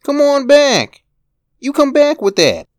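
A woman doing a shrill, tearful young boy. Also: huge pitch swings, unhurried, dry recording, clean studio sound. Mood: shrill, upset. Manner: shrill, shouting.

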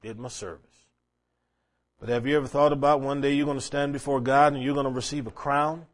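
A man's voice: medium pitch, fairly even intonation, brisk. Man preaching a storytelling sermon. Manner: storytelling preacher, quoting scripture, swinging between hushed and raised.

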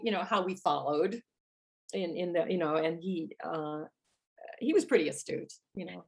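A woman's voice: lowish voice, normal speed, creaky. A woman, a musical theater actress, telling a story in a casual interview and acting out the lines she quotes.

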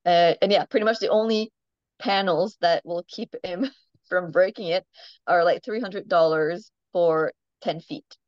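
A chatty woman tells farm animal stories in a relaxed interview, with frequent laughs and easy "um"s. The sound is dry and a little muffled, with no room echo. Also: fairly low pitch, a little slow. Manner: chatty storyteller, laughs often, many ums. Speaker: farm animal owner, guest. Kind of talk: casual interview chat.

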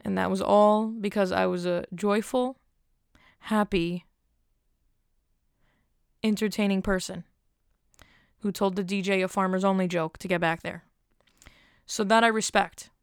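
Chatty young woman with a gravelly voice. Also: mid-range voice, fairly even intonation, measured pace, pauses often, no room sound, clean studio sound. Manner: rambling, self-deprecating, chatty. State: cold, stuttering a little. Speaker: podcast host. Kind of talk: casual solo podcast chat.

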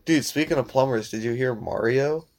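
A man co-hosting a casual podcast chat, blunt and swearing freely, tossing in quick mock voices. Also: medium pitch, creaky, a little mellow. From Italian heritage. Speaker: podcast co-host.

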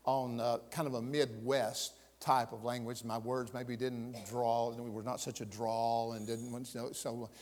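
A middle-aged man with a Southern US accent preaching a sermon as pastor, folksy and emphatic, swelling to loud peaks. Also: medium pitch, flat delivery, measured pace, few pauses, big-room sound. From American South.

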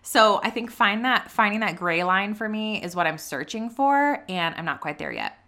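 A woman vlogging casually about her faith, chatty and earnest, full of "like" and "you know", reading scripture aloud with quick personal reactions. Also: mid-range voice, expressive, bright, forceful tone. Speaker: vlogger sharing a faith and business update. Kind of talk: casual faith vlog talk.

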